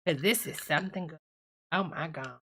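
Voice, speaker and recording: A woman's voice: deep voice, moderate pace, fairly bright tone, slightly rough. A woman hosting a comic reaction video, sassy and calling everyone honey.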